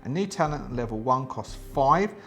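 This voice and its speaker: A man's voice: mid-range voice, animated, moderate pace, a bit bright. A man hosting a solo tabletop game, reading rules aloud and thinking through his choices in a chatty way, with many fillers and restarts.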